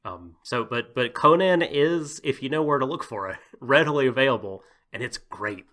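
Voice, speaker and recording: Bright-voiced man co-hosting a podcast. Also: mid-range voice, animated, normal speed. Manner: thoughtful, hedging, laughs easily. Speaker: podcast co-host. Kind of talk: casual podcast chat.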